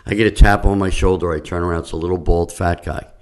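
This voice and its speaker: A comedian guest telling a brisk showbiz anecdote, delivering it toward a punchline. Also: male voice, low voice, steady tone, a little mellow. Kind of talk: storytelling anecdote.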